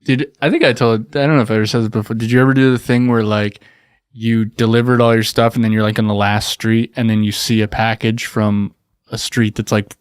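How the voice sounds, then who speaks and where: A man's voice: lowish voice, brisk, smooth, dry recording, studio quality. A man hosting a podcast in casual chat, telling work stories with lots of laughter, swearing and acted-out quotes. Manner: animated storyteller, acts out angry quotes, swears, laughs often. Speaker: podcast host, former mail carrier.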